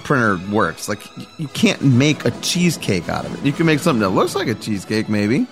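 A man's voice: medium pitch, sing-song, a little fast, faint music behind. A man co-hosting a comedy radio show, reading odd items and dryly groaning at his partner's jokes in casual banter. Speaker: radio co-host.

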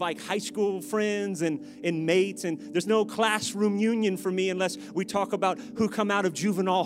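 A man preaching a sermon as pastor, joking in asides and building to loud, emphatic exhortations. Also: high voice.

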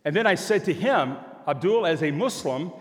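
An older male pastor preaching in a large church, his somewhat high voice carrying a long echo around the room. He tells his story with animation and acts out both sides of the exchanges. The delivery mixes plain conversation with pulpit conviction. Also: moderate pace. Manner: animated storyteller acting out dialogue. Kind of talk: sermon with storytelling. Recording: long hall reverb.

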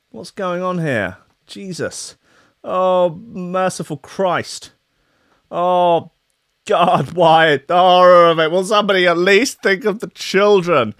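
A man's voice: fairly high pitch, a bit bright, no echo, studio quality. A man hosting a radio show, talking in a rambling, sweary, comic way with trailing asides.

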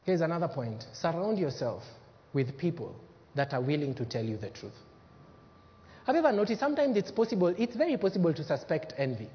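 Male pastor with a high voice, preaching and acting out quotes, dull lo-fi recording. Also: very animated, brisk, breathy edge. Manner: preaching with acted-out quotes and sudden swings from loud to hushed. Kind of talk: sermon. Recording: dull lo-fi sound with long hall reverb.

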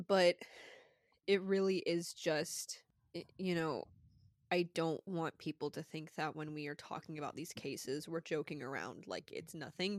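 A young woman co-hosting a podcast, tearful and crying as she talks, halting and apologetic. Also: low-pitched, no echo, studio quality. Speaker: podcast co-host. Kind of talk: casual chat.

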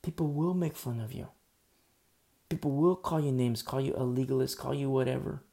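A man's voice: medium pitch, steady tone, normal speed, vocal fry, dark tone. A man preaching a sermon in a conversational, emphatic storytelling way.

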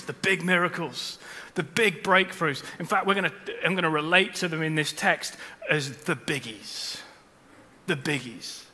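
Man, 40s, sermon, animated storytelling, very bright tone, long hall reverb. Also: extremely high pitch. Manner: animated storytelling, swings between loud bursts and hushed asides. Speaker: pastor. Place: large church hall.

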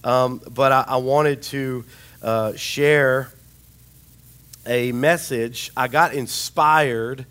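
A man preaching a sermon, with a chatty, rambling storytelling manner and a slightly hoarse voice. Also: medium pitch, fairly even intonation, very slow, fairly bright tone. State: hoarse, recovering voice.

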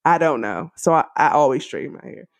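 A woman in her thirties with a Washington DC accent, co-hosting a podcast in casual chat, animated and laughing often. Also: sits low, brisk. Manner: animated, laughs often, acts out quoted voices. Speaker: podcast co-host.

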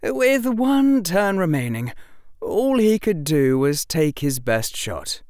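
Fields: man, audiobook narrator, smooth and unhurried. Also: on the high side, big pitch swings, darkish tone, no echo, studio quality. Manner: wry, storytelling with asides.

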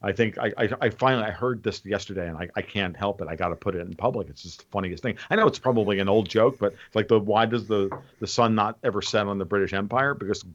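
A man in casual opinionated chat, rambling and animated, restarting often. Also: lowish voice, fast talker, hardly any pauses, lo-fi sound.

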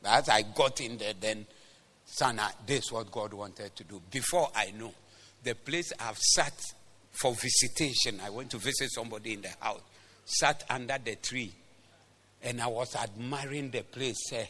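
A Ghanaian man preaches at a church service, his voice pitched a little high and strikingly bright. He moves between English and Twi, rising to loud exhortation and then dropping into quiet, confiding stories from his own life. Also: moderate pace. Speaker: pastor. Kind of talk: preaching a sermon.

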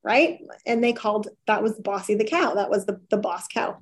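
A woman's voice: medium pitch, normal speed. A woman being interviewed as a company CEO, talking candidly and emphatically and laughing easily. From farming family. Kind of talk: casual interview chat.

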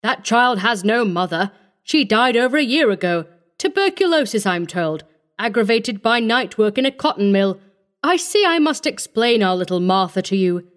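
Brief: woman reader doing a bossy, fussy middle-aged matron, brisk, audiobook. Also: a little high, very animated. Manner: brisk and commanding, slightly fussy. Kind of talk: audiobook character voice.

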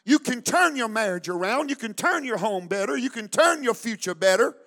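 A male pastor preaches at a church service with a strikingly high voice. He swings between quiet asides and shouted, chanted lines, calling the congregation to answer back. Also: animated, moderate pace. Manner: fiery call-and-response preaching, shouting and chanting. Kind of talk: sermon.

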